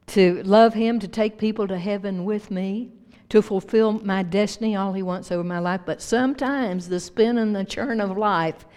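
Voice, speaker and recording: A woman's voice: mid-range voice, darkish tone. A woman pastor preaching a folksy sermon to her congregation, laughing often and leading them in call-and-response. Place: church sanctuary. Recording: long hall reverb.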